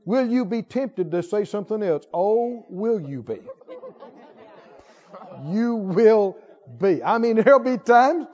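A man preaching a sermon in a church, conversational and animated, building to emphatic exclamations. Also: sits high, takes it slowly, a faint crowd. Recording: dull audio with long hall reverb.

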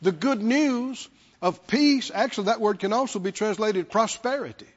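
Here a pastor preaches at a moderate pace, his high-pitched male voice leaning on repetition to stress words and drawing responses from the congregation. Long hall reverb colors a dull, lo-fi recording.

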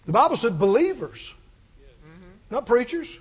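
A male preacher with a strikingly high voice that swings up and down. He preaches emphatically and keeps putting questions to the congregation. The recording sounds dull and lo-fi. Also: big pitch swings, measured pace, slightly rough. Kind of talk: sermon.

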